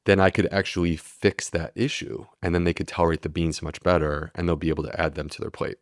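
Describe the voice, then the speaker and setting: A man's voice: low voice, little pitch movement, fast talker, dry recording, studio quality. A man, a medical doctor, explaining steadily and earnestly in a podcast interview. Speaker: gastroenterologist guest.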